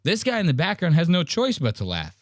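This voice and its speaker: A man hosting a podcast, reacting to a clip with animated, profane commentary. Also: fairly high pitch, fairly quick, no echo, clean studio sound. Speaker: podcast host.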